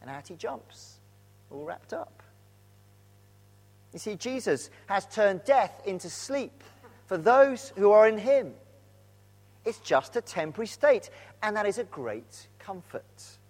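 High-voiced preacher in a reverberant hall. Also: male voice, slow pace, pauses often. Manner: earnest, animated storytelling with sudden drops to a hush. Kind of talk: sermon.

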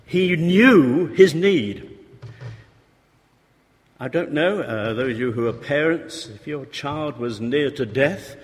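A man's voice: on the high side, lively intonation, slow. A man preaching a sermon, conversational and full of rhetorical questions, sometimes acting out desperate pleas. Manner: conversational, rhetorical questions, acts out pleading voices. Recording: reverberant hall, faint noise.

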